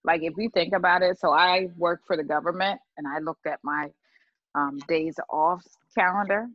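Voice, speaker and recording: A woman co-hosting a podcast in casual chat, animated and insistent when making her point. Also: on the low side, normal speed, no echo. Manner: animated, insistent, laughs often. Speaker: podcast co-host. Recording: dry, slightly dull lo-fi sound.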